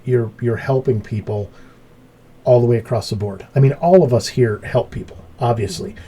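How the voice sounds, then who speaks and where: A middle-aged man hosting a relaxed group chat, telling stories with lively jumps in pitch when he acts out what he said. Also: normal speed, breathy edge. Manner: animated storyteller, voice jumps up when acting out his story. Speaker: podcast host. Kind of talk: casual chat.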